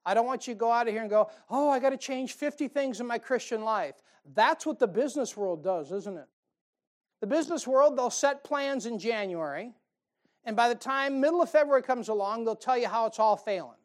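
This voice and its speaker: A man's voice: very high voice, expressive, a little fast. A man preaching a sermon in a church, folksy and conversational, building to emphatic outbursts. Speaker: pastor. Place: church sanctuary.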